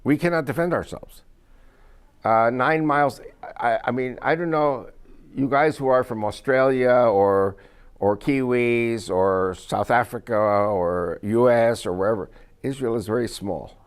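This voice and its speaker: A man's voice: mid-range voice, unhurried, clear, resonant tone. Emphatic man lecturing an audience. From United States. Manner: emphatic, quizzes the audience with questions. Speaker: speaker to an audience. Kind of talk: lecture-style storytelling.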